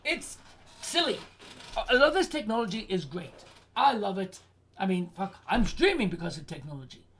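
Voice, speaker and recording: A woman's voice: mid-range voice, big pitch swings, moderate pace, a little hiss or hum. A woman in her forties hosting an advice stream, blunt and swearing freely as she rants at a listener. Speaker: advice show host.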